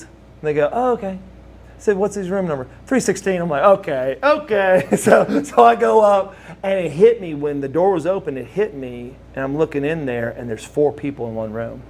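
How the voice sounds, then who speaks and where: A man telling a personal story in casual speech, with halting restarts and lively acted-out quotes. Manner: animated, acts out quoted voices with big pitch jumps; halting restarts and repeated words. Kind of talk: casual spoken anecdote.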